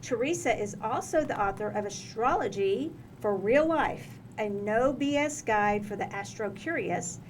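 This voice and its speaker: Here is a woman with an East Texas drawl who hosts a talk podcast and brings guests on in a chatty, lightly self-mocking way. Her voice sits a little high. Steady noise hums behind her the whole time. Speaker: co-host. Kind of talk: casual podcast introduction.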